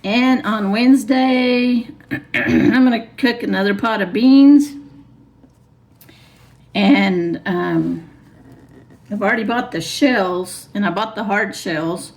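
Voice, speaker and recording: A woman vlogger, chatting casually and rambling through her plans, her voice a bit hoarse. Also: medium pitch, slow, pauses often, darkish tone. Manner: chatty, rambling, laughs often. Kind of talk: casual chat. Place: truck camper.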